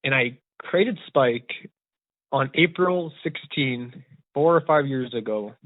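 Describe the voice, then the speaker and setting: Young male podcast host, rambling and excited; dead, narrow phone-quality audio. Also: medium pitch, slow pace, no echo. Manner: rambling, eager, many restarts. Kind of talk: casual storytelling chat. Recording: tinny phone-like dry sound.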